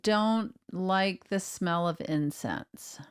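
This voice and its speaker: A woman co-hosting a podcast, speaking in casual chat with a dry, deliberate delivery. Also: fairly low pitch, clear, resonant tone. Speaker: podcast co-host.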